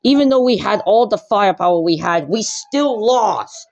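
A man voicing a furious hulking turtle king villain who yells and sulks petulantly in a fan puppet comedy. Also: high voice, lively intonation, moderate pace, voice pushed up. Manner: yelling, sulky and petulant. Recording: dull lo-fi recording.

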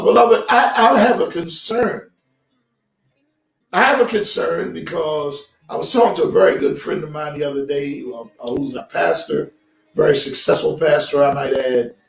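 A little high and creaky, this pastor's voice has lively intonation and a moderate pace. He talks with his congregation during a streamed sermon, preaching conversationally and calling for responses. The church sanctuary audio is roomy and distant, with music faint behind.

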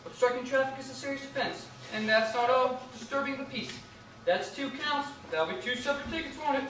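A man's voice: extremely high pitch, brisk, fairly bright tone, a little hiss or hum. A young man playing a nervous, blustering city policeman in a school stage play. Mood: flustered. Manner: blustering, flustered, rambling. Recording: echoey stage from far off.

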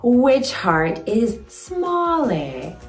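A woman hosting a toddler learning video, speaking in a sing-song, encouraging way with slow, clear words, in an echoey room with faint music. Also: on the high side, very animated. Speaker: children's show host.

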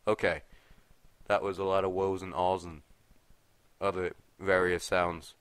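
Excitable nasal teen gamer. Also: male voice, measured pace, long pauses, clean tone. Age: teens. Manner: excitable, yelps and shouts in sudden pitch jumps. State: nasal from allergies. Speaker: let's play gamer. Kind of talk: casual gameplay commentary. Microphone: desk mic resting on a table.

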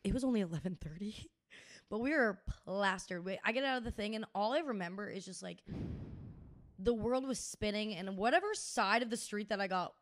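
A woman's voice: medium pitch, fairly quick. A young woman chats on a podcast in a loose, casual way. She tells her stories with plenty of swearing and acts out what people said. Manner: chatty storyteller, swears freely, acts out quotes. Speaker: podcast co-host. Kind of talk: casual chat.

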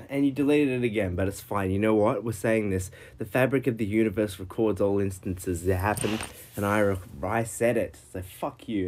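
Frustrated man ranting on a live stream. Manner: frustrated, swearing, swings into high-pitched yelling.

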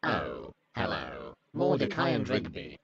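Brief: text-to-speech man doing a low, gravelly, sing-song polite old gentleman; noisy lo-fi clip. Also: very animated, a little slow, crowd noise, full character voice. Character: cheerful polite old gentleman, odd and childlike.

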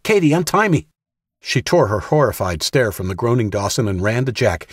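A male audiobook narrator reads scripted text in a steady, measured manner. His low voice has a husky grain, and the recording is close and dry with no room sound.

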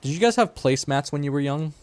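A man's voice: fairly high pitch, animated, fast talker, slight background noise. A man streaming a game live, chatting and joking with his co-player and chat. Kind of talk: casual livestream gaming chat.

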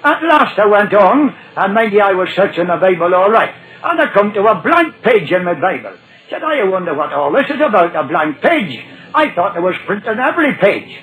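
An older man preaching a sermon, telling his own conversion story in a folksy way and quoting scripture slowly. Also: high voice, very animated, fairly bright tone, low-quality recording. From Ireland. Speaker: evangelist. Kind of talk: old recorded sermon testimony.

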